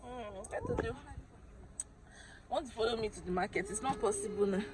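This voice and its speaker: A woman's voice: a little high, very animated, moderate pace, very noisy. A woman, chatting casually to camera and coaxing her children in a family vlog. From Nigeria. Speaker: vlogger and mother. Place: home, then a busy outdoor market. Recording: loud crowd chatter behind.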